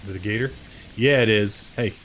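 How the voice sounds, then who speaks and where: A man's voice: on the low side, a little fast, a bit bright, a little hiss or hum, low-quality recording. A man chatting casually while live-streaming a video game, rambling through asides and poking fun at himself. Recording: game music playing clearly behind.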